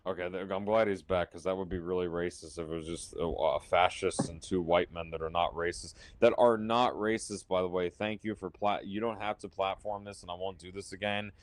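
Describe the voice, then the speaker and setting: Low-voiced rambling, combative man. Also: steady tone, brisk, few pauses, dry recording. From Florida, US. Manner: rambling, combative, repeats himself. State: drinking while talking. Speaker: live stream host. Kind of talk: heated live-stream call-in chat.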